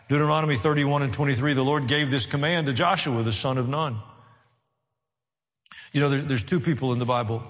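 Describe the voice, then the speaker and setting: Male pastor, sermon delivery, wry asides, emphatic build, long hall reverb. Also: medium pitch. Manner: builds to raised, emphatic preaching.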